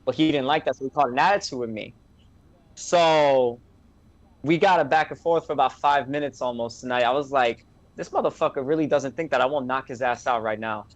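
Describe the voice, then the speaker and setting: A man's voice: medium pitch, fairly quick, no room sound, muffled recording. Profane man telling a story. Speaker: delivery worker and show co-host. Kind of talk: casual chat, telling a story.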